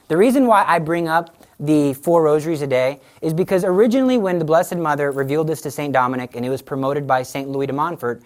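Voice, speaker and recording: A woman with a low voice gives a conversational talk on faith to an audience. She tells stories with animation and slips into the voices of the people she quotes. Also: a little mellow. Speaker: Catholic speaker on the rosary.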